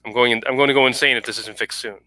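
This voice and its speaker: A man's voice: mid-range voice, steady tone, racing, pushed and bright, dry recording, natural voice. A man reading an irritable, frazzled president. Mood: exasperated. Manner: exasperated, clipped. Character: harried middle-aged male president, irritable.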